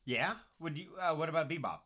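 A man's voice: on the high side, expressive, quick pace, bright, forceful tone. A man co-hosting a comedy podcast, goofy and teasing in loose banter. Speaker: podcast co-host.

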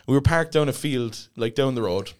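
A man with a Cork Irish accent, a podcast guest telling a lively anecdote in casual chat and acting out what people said. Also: mid-range voice, moderate pace, clean tone. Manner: animated anecdote-telling, acts out quotes. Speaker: podcast guest, radio presenter.

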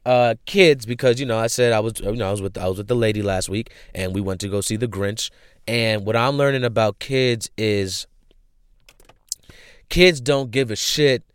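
A young man hosting a podcast, telling a story in a casual, profane, animated way and repeating himself when worked up. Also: medium pitch, clear, resonant tone, no echo, studio quality.

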